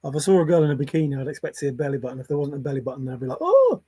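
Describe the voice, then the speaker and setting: A man's voice: medium pitch, fairly even intonation, rapid-fire, warm tone, slightly rough, no room sound. A man, musing aloud on his own in a playful, rambling way, jumping between silly word associations.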